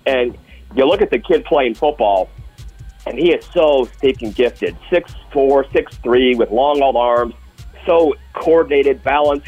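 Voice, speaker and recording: A man's voice: medium pitch, darkish tone, slightly rough, highs cut off. A man co-hosting a casual sports talk show, telling stories with enthusiasm. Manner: enthusiastic, storytelling. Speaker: co-host.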